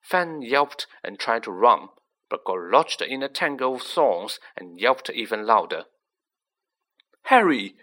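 A man's voice: medium pitch, animated, unhurried, pushed and bright. A man reading a children's story aloud, narrating with acted character voices. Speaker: audiobook reader.

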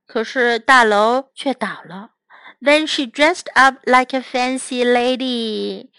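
A woman English teacher reads a picture book aloud slowly and clearly, with lots of expression. Her voice is bright and a little high, close and dry with no room sound. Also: no room sound. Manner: slow, clear, expressive reading. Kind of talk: bilingual storybook read-aloud.

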